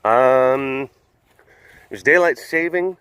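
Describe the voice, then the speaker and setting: A man hosting a casual vlog outdoors at an animal compound, rambling playfully with lots of fillers and cooing softly at the animals. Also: medium pitch, drawn-out words, clear, resonant tone, no echo. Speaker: host.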